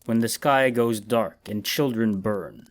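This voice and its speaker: A man voicing a grim, weary ancient immortal in a horror story, with a deep voice and slow, somber delivery. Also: a little hiss or hum. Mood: ominous.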